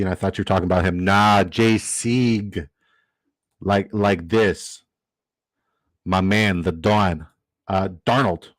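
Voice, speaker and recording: A man chats loosely while running a fantasy football draft, full of fillers and restarts as he reacts to his chat. His voice sits on the low side. The sound is dry, with no room around it. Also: no room sound, low-quality recording. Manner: rambling, filler-heavy, reads chat aloud. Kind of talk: casual live-stream chat.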